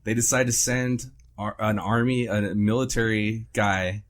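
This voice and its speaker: A man with a lowish voice hosts a casual podcast chat. He jokes, swears freely and acts out quotes in other voices. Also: steady tone, a little slow. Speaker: podcast host.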